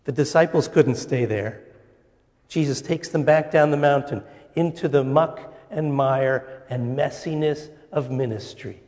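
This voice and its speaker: Man, preacher, sermon, deliberate pauses, slightly high voice, long hall reverb. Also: darkish tone.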